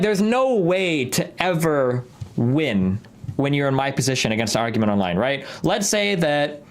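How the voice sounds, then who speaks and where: Young male streamer, casual rant, quick and profane, lots of fillers and restarts. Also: mid-range voice. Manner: fast, profane, rambling with many fillers and restarts. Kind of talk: casual ranting monologue.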